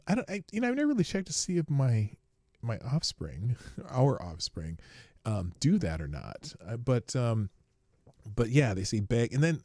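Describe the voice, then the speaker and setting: Man, livestream host, lively rambling chat, husky, dry close sound, soft-spoken. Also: medium pitch, dry recording. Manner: chatty, laughs at his own asides, talks softly. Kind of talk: rambling casual monologue. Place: home studio.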